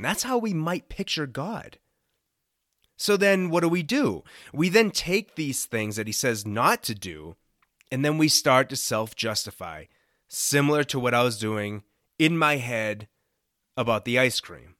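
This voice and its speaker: A man's voice: mid-range voice, animated, measured pace, a bit bright, dry recording, clean studio sound. A young adult man hosting a casual devotional talk, earnest and lightly joking, often checking in with his listeners. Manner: conversational, often asks "right?". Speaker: podcast host.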